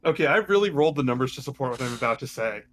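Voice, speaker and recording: A man's voice: medium pitch, rapid-fire, soft background music. Chatty man running a tabletop game. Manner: relaxed, chatty, many ums. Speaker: game master. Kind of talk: narrating a live-streamed tabletop game.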